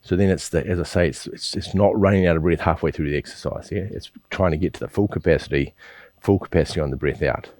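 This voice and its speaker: Guiding students through slow breathing, a deep-voiced qigong teacher speaks very low and a little mellow. He is patient and repetitive, frequently adding a quick "yeah?", and the recording is close and dry without room echo.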